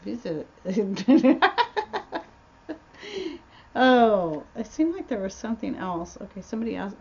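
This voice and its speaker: Woman, homestead livestream host, chatty, rambling, slightly dull webcam sound. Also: medium pitch. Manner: chatty, rambling, restarts often. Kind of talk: casual livestream Q&A chat. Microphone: webcam mic.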